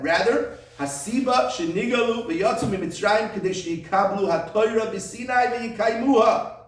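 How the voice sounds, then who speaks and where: A man teaching a Torah class, explaining step by step and repeating his points rhetorical questions. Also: high-pitched. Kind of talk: conversational Torah lecture. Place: classroom or study hall. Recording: echoey room, voice from far off the mic.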